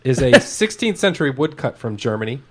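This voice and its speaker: A man's voice: mid-range voice, big pitch swings, a little fast, a bit bright. A man hosting a casual podcast chat, easygoing and chuckling as he leads a new segment. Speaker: podcast host.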